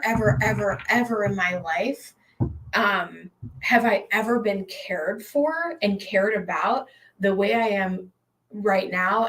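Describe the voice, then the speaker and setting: A woman's voice: medium pitch, a bit bright, poor audio. Young woman, live tarot host; casual, emotional, meandering delivery with frequent restarts. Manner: emotional, rambling, with many fillers and restarts. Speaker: tarot reader hosting a live stream. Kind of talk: casual live-stream chat.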